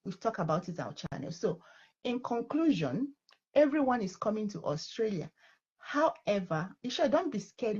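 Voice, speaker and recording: A woman's voice: medium pitch, sing-song, moderate pace, darkish tone, slightly rough, dull audio. A woman guest on a talk show giving firm, instructive advice, often checking in with "okay?".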